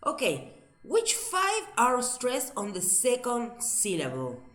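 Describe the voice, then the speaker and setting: A woman's voice: a little high, wildly swooping pitch, slow, fairly bright tone, reverberant, soft background music. Patient woman teaching English. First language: Spanish. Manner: patient, repeats answers back, switches to Spanish to explain. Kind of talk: classroom teaching.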